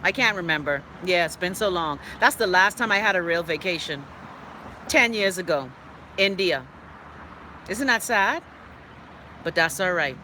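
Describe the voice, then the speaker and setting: A woman's voice: fairly low pitch, expressive, unhurried, pauses often, bright, forceful tone, slight background noise. A Bahamian woman hosting a live online show, chatting casually and outspokenly as she reads viewer comments aloud. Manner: chatty and outspoken, with playful dialect asides. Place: indoors.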